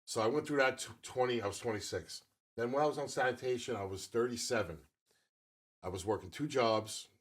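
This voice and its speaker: A man's voice: medium pitch, a little fast. A man in his fifties co-hosting a podcast, telling a long story in casual chat and swearing freely. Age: 50s. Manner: profane, rambling storyteller. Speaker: podcast co-host.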